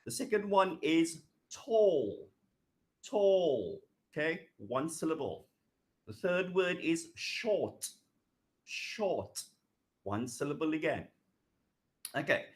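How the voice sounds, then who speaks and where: A man teaching an English grammar lesson in a recorded online class, who says "okay" often and repeats each word slowly. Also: on the high side, a bit bright. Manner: patient, repeats words slowly, frequent "okay".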